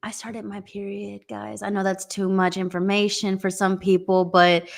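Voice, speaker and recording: A woman's voice: medium pitch, level tone, moderate pace, creaky. A woman co-hosting a podcast, chatty and candid, telling stories with laughs. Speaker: podcast co-host. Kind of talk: casual chat.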